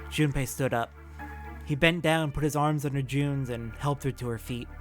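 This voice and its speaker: A let's play narrator reading a visual novel aloud with expressive commentary and reactions. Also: medium pitch, normal speed, music in the background. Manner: expressive, reacts with swearing and sympathy.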